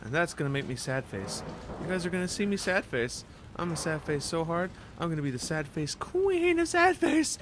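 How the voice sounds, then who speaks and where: A woman's voice: low voice, sing-song, normal speed. A woman playing a horror game, who shrieks, mutters nervously and cracks sarcastic jokes as she goes. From Canada. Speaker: let's play gamer. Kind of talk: horror game reaction commentary. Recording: loud background noise and game sound.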